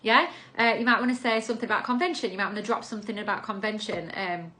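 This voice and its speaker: A woman's voice: fairly high pitch, fairly quick, hardly any pauses, fairly bright tone. A woman, coaching viewers in a chatty, upbeat way on a live video and acting out sample lines.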